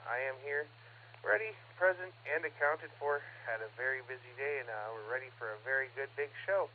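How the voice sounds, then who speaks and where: A man checking in on a ham radio net in a brisk, formulaic way. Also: mid-range voice, phone-quality sound. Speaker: net control operator. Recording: radio transmission, faint noise.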